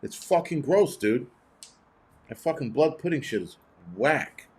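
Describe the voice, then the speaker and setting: A man's voice: mid-range voice, expressive, unhurried, darkish tone. A middle-aged man hosting a livestream, reading chat and ranting bluntly with heavy cursing in a cranky, rambling way.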